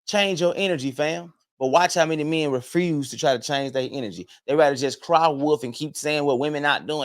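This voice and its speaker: A man's voice: fairly high pitch, a little fast, few pauses. A young adult man giving an emphatic, preachy opinion monologue to his viewers, often repeating words and restarting sentences. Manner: emphatic, preachy, addresses viewers as fellas and fam. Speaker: online commentator. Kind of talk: direct-to-camera opinion monologue.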